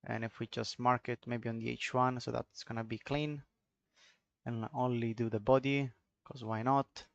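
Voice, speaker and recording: A man's voice: mid-range voice, level tone, normal speed, creaky, dry recording, muffled recording. A man with an Italian accent, casually talking through trading charts live and chatting with viewers in a loose, offhand way. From Italy. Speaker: trading streamer.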